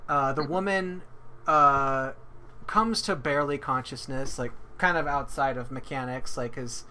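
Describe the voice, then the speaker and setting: A man's voice: medium pitch, measured pace, bright, forceful tone. Rambling male game master. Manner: rambling, many fillers and restarts. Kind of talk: running a tabletop game.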